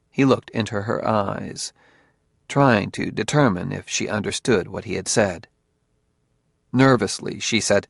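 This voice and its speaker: A man reading a thriller audiobook in steady, intimate scripted narration. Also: fairly low pitch, unhurried, vocal fry, dry recording, studio quality.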